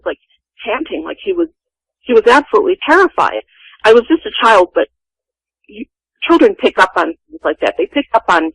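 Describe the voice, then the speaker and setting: A woman in her sixties with a gravelly voice recounts a family memory as a guest, earnest and vivid. The sound is dry and close, with no room around her. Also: medium pitch, no echo, low-quality recording. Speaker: guest telling a personal story. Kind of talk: first-person storytelling.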